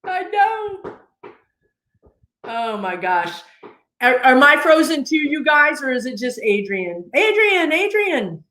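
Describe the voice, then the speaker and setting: A woman hosting a joking live stream over a video call. Her high, bright voice bounces around, and the room behind her is echoey. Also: sing-song, takes it slowly, a little hiss or hum. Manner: teasing, joking banter. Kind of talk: casual live-stream chat.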